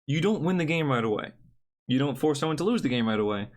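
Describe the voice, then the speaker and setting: A man's voice: medium pitch, animated, fast. A young man giving a casual, joking card review with blunt opinions.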